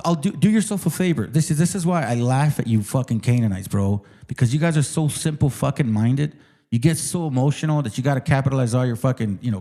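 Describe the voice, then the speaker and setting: A man hosts his own channel in a heated, casual rant. His voice is dark and mellow at a middle pitch. He sounds profane and combative, and he hammers his points home by repeating words. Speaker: channel host.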